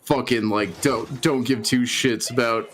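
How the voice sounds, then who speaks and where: A man's voice: mid-range voice, steady tone, unhurried, noisy background. A man co-hosting a podcast in casual chat, rambling with frequent restarts and chuckles. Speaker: podcast co-host.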